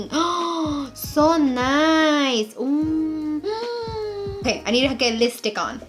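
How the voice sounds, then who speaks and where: A woman's voice: high voice, very slow, music in the background. Bubbly young woman gushing over makeup. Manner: bubbly, gasping, jokey and excitable. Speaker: makeup vlogger. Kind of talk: casual makeup tutorial chat.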